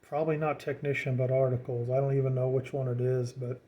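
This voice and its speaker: A radio hobbyist rattles quickly through how to set up his radio at home, his medium-pitched voice warm yet flat in delivery. The casual tutorial rambles, full of repeated words and fillers.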